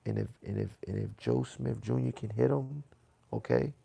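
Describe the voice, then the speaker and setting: A man hosting a boxing livestream, reading chat comments aloud in a loose, swearing, casual way that turns loud when he gets riled. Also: medium pitch, normal speed, gravelly, slightly rough. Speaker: boxing channel host reading live chat.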